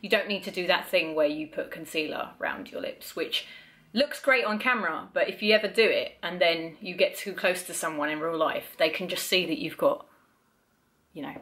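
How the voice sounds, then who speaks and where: A woman's voice: lowish voice, moderate pace, fairly bright tone. A young woman reviewing makeup and perfume in a casual vlog, chatty and blunt, swearing freely and poking fun at herself. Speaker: beauty vlogger.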